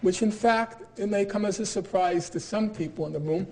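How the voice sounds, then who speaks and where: A man's voice: sits high, moderate pace, darkish tone. A middle-aged man giving a university lecture in an emphatic, argumentative way, with pointed irony. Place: lecture hall.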